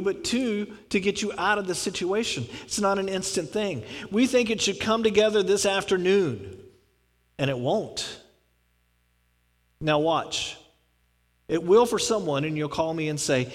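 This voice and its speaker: Pastor, male, high voice, casual joking sermon delivery, long hall reverb. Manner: conversational preaching with humor, acts out quoted prayers.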